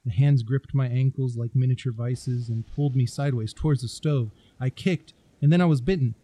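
A man narrating a scary story in a deliberate, storytelling manner. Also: mid-range voice, dark tone, breathy edge, low-quality recording.

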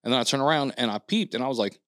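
A man telling a long story on a podcast, with plenty of swearing and fillers. He acts out the other people in the story as he goes. His voice sits at a middle pitch and the sound is dry and close. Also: rapid-fire, fairly bright tone, no echo. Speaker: podcast co-host. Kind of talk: casual storytelling chat.

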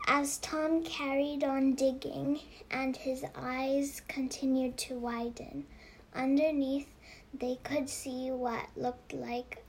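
A high-pitched woman reads a children's novel aloud at a very slow, careful pace. She stumbles and restarts now and then, and drops to a whisper for the hushed moments. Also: husky. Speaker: reader.

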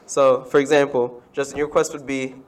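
A man's voice: mid-range voice, little pitch movement, moderate pace, far from the mic. A young man in a casual chat with friends, explaining eagerly and laughing often.

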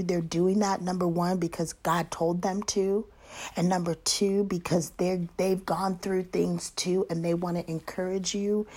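Soft, breathy woman giving a devotional. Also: lowish voice. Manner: soft, often half-whispered delivery. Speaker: devotional speaker. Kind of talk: Bible devotional teaching.

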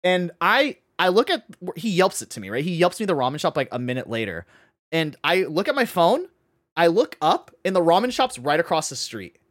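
A man's voice: a little high, no echo. Guy telling a wild night-out story, lots of "like", voice jumps all over, dry close mic. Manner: animated, acts out friends' voices loudly; fast, full of "like" and "right?". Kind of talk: casual storytelling chat.

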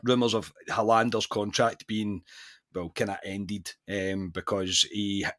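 A man with a Scottish accent hosting a football podcast, chatting casually in an animated, incredulous way with many restarts. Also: lowish voice, measured pace. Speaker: podcast host.

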